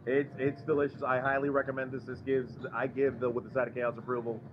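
A man's voice: medium pitch, quick pace. Enthusiastic male host for a live taste-test stream, repetitive and gushing, recorded on a dull mic with a noisy restaurant behind. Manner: excitable, gushing, repeats words. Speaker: podcast host doing a live food review. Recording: muffled live stream with background noise.

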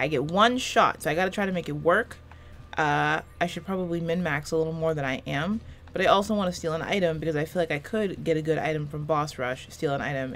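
A low, slightly bright voice belongs to a woman in her twenties, a gaming YouTuber commentating a let's-play casually. She rambles, swears often, and is self-deprecating, all from a small room with a fan running.

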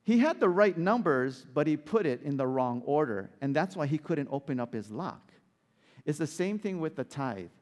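Animated male pastor in a reverberant hall. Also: fairly high pitch, normal speed. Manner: animated, rhetorical questions to the congregation. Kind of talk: sermon.

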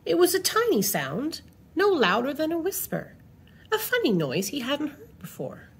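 A woman reading a children's picture book aloud in an expressive storytelling manner. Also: high voice, moderate pace, a little hiss or hum.

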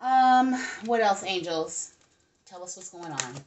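Slow and expressive, with a slightly mellow, lowish voice, a woman leads a casual tarot reading for viewers. She chats with the spirits and her audience, repeatedly asking "okay?"

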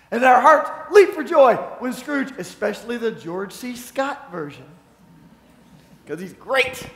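High-voiced preacher man in echoey church. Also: animated, moderate pace, a bit bright. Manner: storytelling, acting out quotes. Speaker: pastor. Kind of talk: sermon. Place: church sanctuary.

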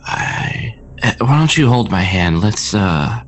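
A man's voice: fairly low pitch, big pitch swings, takes it slowly, slight background noise. A man playing his character in a horror tabletop game, talking hesitantly with sighs and fillers. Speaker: player.

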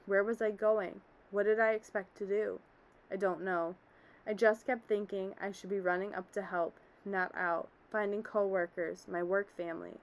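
A man recalls his escape in an earnest, haunted voice, spoken by a woman reading a story aloud. The pitch stays in an ordinary middle range, and the telling is steady and plain. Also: normal speed, close to an everyday voice, low-quality recording. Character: middle-aged man, former office worker, shaken survivor.

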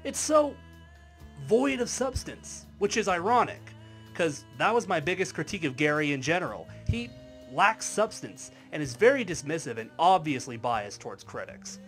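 A man recording a commentary video, his delivery dry and sarcastic. His voice sits a little high for a man and moves animatedly up and down, with faint music underneath. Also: sing-song, normal speed, a bit bright. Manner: sarcastic, wry. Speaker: YouTube commentary creator. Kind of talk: commentary vlog.

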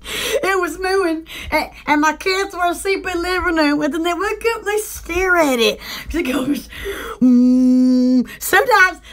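A woman's voice: extremely high pitch, normal speed, fairly bright tone. A woman hosting a casual home shopping live stream, rambling and laughing often as she chats and mimics household appliance noises.

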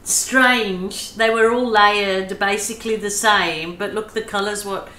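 An Australian acrylic pouring artist chats through a relaxed painting tutorial at a measured pace, her medium-pitched voice steady yet sharp in tone. She's soothing and pokes fun at herself while coaching. It's recorded in an echoey room with faint ambience.

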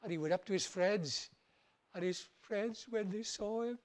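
A man preaching, telling a children's story in an animated, lively way. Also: high voice, moderate pace. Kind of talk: children's story in a church service.

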